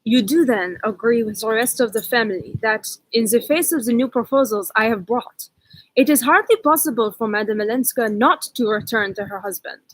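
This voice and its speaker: A woman's voice: on the high side, moderate pace, slight background noise, close to an everyday voice, poor audio. A woman voicing a timid, anxious young Frenchman with an exaggerated French accent, pleading formally.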